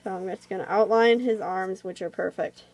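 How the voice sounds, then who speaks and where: Filmed on a phone camera, this vlogger draws while chatting casually in a rambling, filler-heavy tutorial. Her voice is medium in pitch, steady, darkish and at a normal speed, and the audio is poor.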